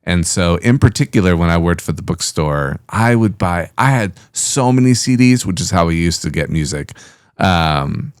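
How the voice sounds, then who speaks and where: Easygoing man with a very deep voice. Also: expressive, normal speed, clear, resonant tone, no room sound, clean studio sound. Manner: easygoing, laughs readily. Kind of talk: casual podcast chat.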